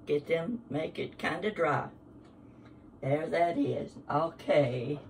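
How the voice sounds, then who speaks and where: An older woman talks slowly and easily through a recipe in her home kitchen, chatty and homespun. Her voice sits a bit back from the microphone, with faint clinks of dishes and utensils around her. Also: low-pitched, distant mic, background noise. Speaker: cooking show host. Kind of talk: casual cooking demonstration. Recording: kitchen sounds, voice somewhat off-mic.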